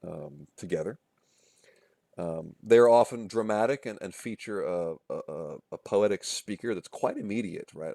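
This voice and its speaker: Male literature teacher, very low voice, dry close sound, casual lecture with lots of "um" and tag questions. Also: moderate pace, vocal fry, dark tone, no echo. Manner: casual, many fillers and restarts, checks in with "okay?" and "right?"; chants rhythms and rhyme schemes aloud. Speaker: literature instructor. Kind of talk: recorded lecture.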